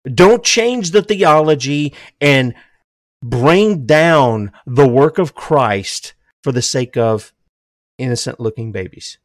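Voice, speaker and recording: A man's voice: animated, slow pace, no echo, studio quality. Fervent older man preaching a sermon. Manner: fervent, swings between loud emphatic declarations and low hushed drops; says he is emotional. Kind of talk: impassioned sermon.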